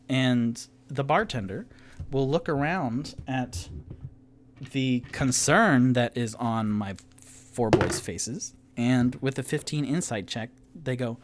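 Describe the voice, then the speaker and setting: A man acting as game master, narrating a solo tabletop game in loose, halting descriptions. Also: medium pitch, slight background noise.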